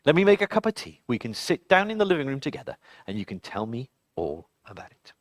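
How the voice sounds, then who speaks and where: A man voicing a wise, calm mother in a children's story, speaking in a soothing tone. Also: mid-range voice, fast, dry recording, voice pushed down. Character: wise calm mother, middle-aged woman.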